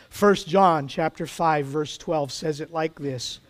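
High-voiced preacher telling a story. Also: male voice, measured pace, hardly any pauses. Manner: dramatic, dropping to soft emphasis. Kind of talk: sermon storytelling.

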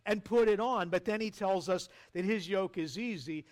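A man's voice: sits high, moderate pace. A man preaching a sermon as pastor, earnest and conversational, with rhetorical asides to the congregation.

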